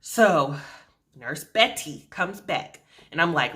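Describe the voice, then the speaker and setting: Young woman vlogger, animated storyteller, fairly low pitch, bright forceful tone, sarcastic edge. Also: takes it slowly. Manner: animated, colloquial, sarcastic asides. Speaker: vlogger telling her birth story. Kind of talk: casual storytelling to camera.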